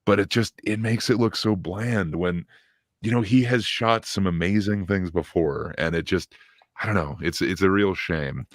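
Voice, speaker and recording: Man, very deep voice, podcast co-host, casual film review, rambling, lots of fillers, dry sound. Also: moderate pace, dry recording. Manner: rambling, hesitant, many fillers and restarts.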